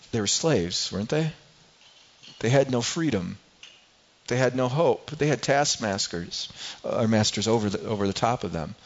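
A man's voice: medium pitch, lively intonation, moderate pace, dull audio. A man preaching a sermon as pastor, talking in a conversational way with frequent restarts and acted-out quotes.

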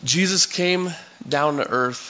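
A man's voice: on the high side, takes it slowly, sharp tone, dull audio. A male pastor giving a sermon in a conversational, storytelling way, acting out scenes for his listeners.

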